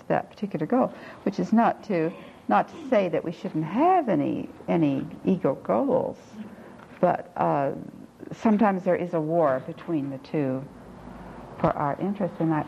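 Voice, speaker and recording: A woman leading a reflective group discussion, speaking slowly and thoughtfully, halting and repeating words as she gathers her points. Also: lowish voice, vocal fry. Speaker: discussion leader. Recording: muffled lo-fi tape with faint hiss.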